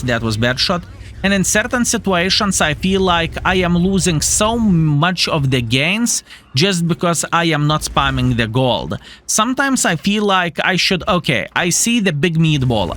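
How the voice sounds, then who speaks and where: A young man gives live gameplay commentary in a bright, higher voice. His pitch swings widely and playfully as he jokes and calls out to his viewers as fellas, with faint noise under him. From Lithuania. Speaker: gaming streamer.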